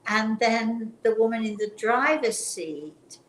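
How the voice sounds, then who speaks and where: A woman hosting a chat show, telling a personal story in an earnest, gentle way and often restarting her sentences. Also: on the high side, lively intonation, takes it slowly. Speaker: talk show host. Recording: roomy sound with faint background noise.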